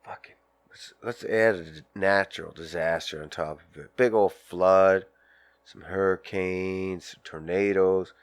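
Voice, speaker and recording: A man's voice: low-pitched, steady tone, measured pace, clear, resonant tone, dry recording. A man hosting a casual podcast, ranting in a crude, profane, rambling way and acting out little scenes while smoking a joint. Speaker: podcast host. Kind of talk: casual solo podcast rant.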